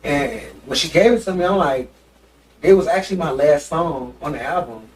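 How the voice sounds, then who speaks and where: A man with a fairly high voice speaks at a moderate pace as a guest on a casual interview show; he's a musician and reality TV personality. He's flamboyant and playful, laughing often and saying "y'all" a lot, heard through a distant mic with faint background noise.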